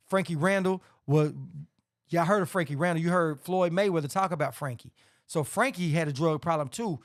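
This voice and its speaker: A middle-aged man hosting a casual sports talk show, ranting bluntly and profanely about boxing, saying "man" constantly and getting heated. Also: high voice. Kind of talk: casual boxing commentary rant.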